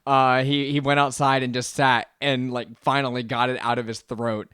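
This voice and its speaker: A young man co-hosting a podcast, telling a story in casual chat, lively and laughing often as he acts out what people said. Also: mid-range voice, normal speed, smooth, no room sound, studio quality. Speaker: podcast co-host.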